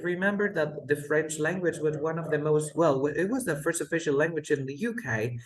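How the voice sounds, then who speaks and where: A man with a slightly raised voice gives a one-to-one English pronunciation lesson. He speaks patiently and says each word slowly, then says it again. The room around him echoes noticeably. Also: on the high side. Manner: patient, models words slowly and repeats them. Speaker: English teacher.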